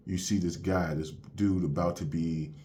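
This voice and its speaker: A young man with a very low voice recaps a comic chapter in relaxed, slangy everyday speech. He strings the story along with casual connectors, and there is a faint hiss behind him. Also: normal speed. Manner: loose and slangy, retelling the plot with "you have it where". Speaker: manga reviewer.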